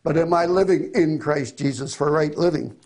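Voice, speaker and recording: A man's voice: fairly high pitch, moderate pace, a little mellow. A middle-aged man preaching a sermon, reading scripture with earnest emphasis.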